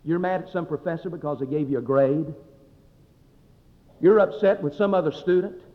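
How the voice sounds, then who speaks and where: A man's voice: fairly high pitch, normal speed. A male pastor preaching a sermon in a folksy, emphatic way, swelling and dropping his voice. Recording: dull sound with long hall reverb.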